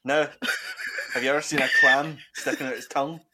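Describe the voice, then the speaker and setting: Brief: man doing a consoling Scottish uncle, rambling, bright tone, leaning in loud. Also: medium pitch, fairly even intonation, fairly quick, slight background noise. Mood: mock-consoling. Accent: put-on Scottish. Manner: consoling, rambling, mock-serious. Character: caring Scottish uncle breaking sad news.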